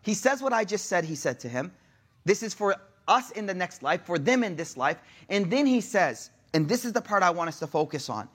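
A man giving a sermon, retelling an old story in a relaxed, conversational way with everyday asides and Arabic phrases mixed in. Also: high voice, a little fast, slightly rough. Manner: mixes in Arabic honorifics and quotes. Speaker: preacher.

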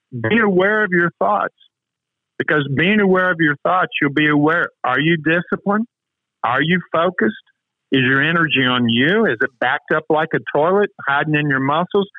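A man's voice: a little high, no echo. A man coaching with emphatic rhetorical questions as a guest on a talk show. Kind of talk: motivational interview talk. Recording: tinny phone-like remote line.

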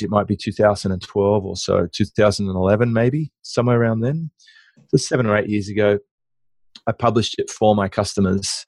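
A middle-aged man being interviewed as a guest, telling business anecdotes in a lively conversational way with frequent restarts. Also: lowish voice, no room sound. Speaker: guest, online marketing business owner.

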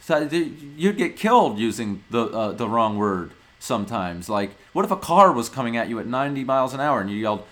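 A man's voice: medium pitch, very animated, fairly quick, fairly bright tone. A male podcast host from Ohio, ranting in a brash, profane, mock-indignant way in a casual comedic monologue.

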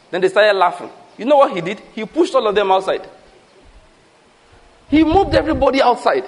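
A man preaching a sermon, animated, asking the congregation questions and calling for answers. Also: high-pitched, fairly quick, long pauses. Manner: animated preaching with rhetorical questions and call-outs. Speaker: pastor.

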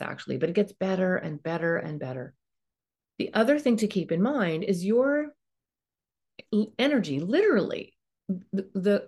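A middle-aged woman with a lowish voice gives a gentle self-help talk in a coaching manner. Now and then she acts out the voices in her head.

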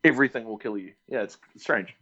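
A man's voice: on the low side, fairly quick, pushed and bright, muffled recording. A man from New Zealand with a New Zealand accent, a guest chatting casually from his home recording studio. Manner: laid-back, chatty, laughs often. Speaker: podcast guest. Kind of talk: casual chat.

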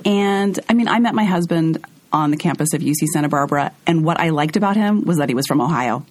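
Lady from montana chatting on a podcast, kinda low voice, candid, lively stories. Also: quick pace. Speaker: guest author. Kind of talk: casual conversation.

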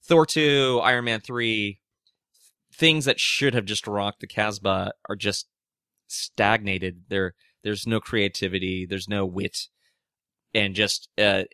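Man, podcast guest, excitable, ranting, bright voice. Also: fairly low pitch, takes it slowly, clear, resonant tone, dry recording, studio quality. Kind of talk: casual chat. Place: Portland.

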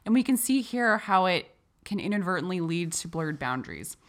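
A woman hosting and instructing in a clear, explanatory way. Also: mid-range voice, fairly bright tone. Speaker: host and instructor. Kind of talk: educational explanation.

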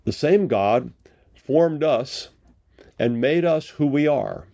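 A man's voice: on the high side, slow, warm tone. A male pastor giving a sermon in a conversational storytelling manner, retelling scripture with casual paraphrased dialogue.

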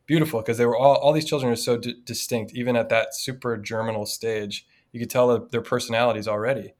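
Man, priest, casual podcast talk, storytelling, reflective, medium pitch. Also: fast talker. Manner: storytelling, reflective, animated in anecdotes. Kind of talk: casual conversation.

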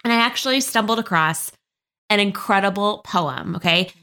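A woman's voice: mid-range voice, normal speed, sharp tone, clean tone. A woman in her thirties co-hosting a podcast about motherhood in a casual chat, gushing and laughing often. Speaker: podcast co-host.

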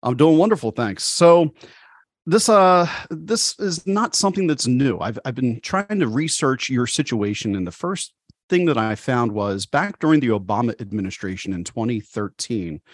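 A man's voice: mid-range voice, animated, moderate pace, no room sound. Male host, dry close sound. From United States. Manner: conversational, asks questions with some hesitations. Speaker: radio show host. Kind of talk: interview.

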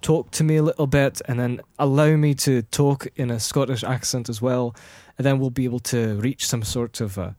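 A man in casual chat, talking in halting bursts with many restarts. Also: medium pitch, fairly even intonation, darkish tone, no room sound. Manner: halting, restarts often while practicing an accent.

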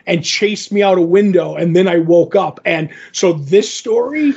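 Podcast co-host: a man with a husky, fairly high voice who tells stories in a rambling way. The audio is dull and lo-fi. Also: moderate pace. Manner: rambling, animated storytelling with fillers. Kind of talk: casual chat, retelling a comic story.

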